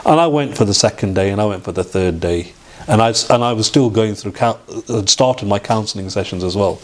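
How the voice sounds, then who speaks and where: A man, telling his life story as an interview guest in a halting way, with restarts and reenacted dialogue. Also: on the low side. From Derby, England. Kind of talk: personal storytelling in a sit-down interview.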